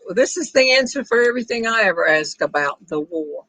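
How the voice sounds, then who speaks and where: A woman's voice: mid-range voice, lively intonation, brisk, a bit bright, no echo, poor audio. Wry older woman chatting on a porch. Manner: chatty, wry, laughs easily. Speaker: storyteller host reading viewer questions. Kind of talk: casual chat with a friend. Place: outdoors on a back porch.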